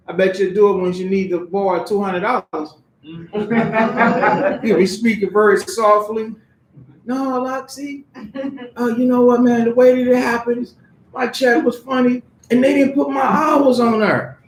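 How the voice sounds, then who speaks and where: High-voiced man preaching in an echoey hall. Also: unhurried, a little hiss or hum. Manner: conversational, street-casual preaching with acted voices and laughter. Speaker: pastor. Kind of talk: sermon with acted examples. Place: church hall.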